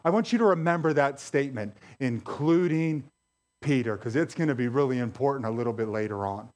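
A male pastor preaching a sermon, animated and emphatic, repeating key phrases for effect. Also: medium pitch, quick pace.

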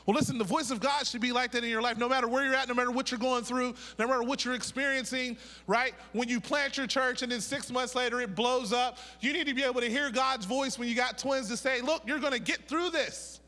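A very high-voiced, middle-aged pastor and prophet from Pittsburgh, USA, preaches at a quick pace with few pauses in a church sanctuary. His sermon is lively and full of jokes, and he keeps having the congregation repeat words, all heard through echoey hall reverb.

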